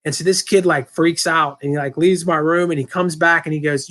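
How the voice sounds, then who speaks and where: This channel host's voice sits a little high and moves a little fast, slightly raised as he chats on his live stream. Reading out comments and replying casually, he stays easygoing and unplanned, often restarting sentences and filling gaps with ums.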